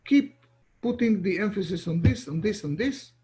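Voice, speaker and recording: A man's voice: sits high, a little fast, dark tone. A middle-aged man, giving an online lecture as an ambassador, talking with many restarts and repeated words.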